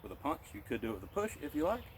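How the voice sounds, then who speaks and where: A male martial arts instructor leading a qigong class, calmly cueing each breath in and out and explaining the moves in a relaxed way. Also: fairly high pitch, racing, a little hiss or hum.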